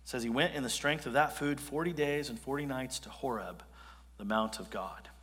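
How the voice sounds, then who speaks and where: A man preaching as pastor, telling the story with lively acted-out quotes. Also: medium pitch, normal speed, slightly rough. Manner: animated storyteller acting out quotes. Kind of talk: sermon. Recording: long hall reverb.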